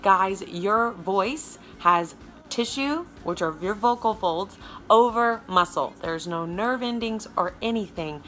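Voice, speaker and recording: A woman vocal coach with a Southern American accent and a low alto speaking voice, giving a chatty, emphatic lesson straight to her viewers. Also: takes it slowly, a bit bright, a little hiss or hum. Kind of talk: casual video lesson.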